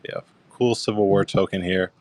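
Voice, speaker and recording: Low, flat-voiced man selling coins live. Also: moderate pace, no echo. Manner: easygoing, describes coins and thanks bidders. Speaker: coin auction seller. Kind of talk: live-stream auction chat.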